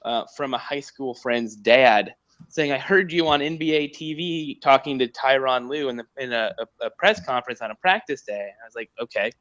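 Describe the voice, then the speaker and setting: A man's voice: medium pitch, lively intonation, moderate pace, fairly bright tone. Joking guy on a muffled line. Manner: joking, self-deprecating, rambling. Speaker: podcast guest, sportswriter. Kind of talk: casual chat.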